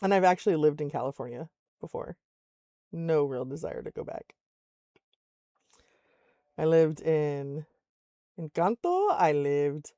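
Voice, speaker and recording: A low, mellow female voice, recorded dry at studio quality. She's an older woman streaming a game at home in Alaska, a chatty storyteller who laughs often and acts out the voices of the people in her tales.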